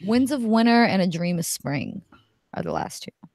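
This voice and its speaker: A woman in her thirties chatting casually on a podcast, blunt and profane, with an animated way of talking. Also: medium pitch, moderate pace, dry recording, clean studio sound. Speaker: podcast co-host guest.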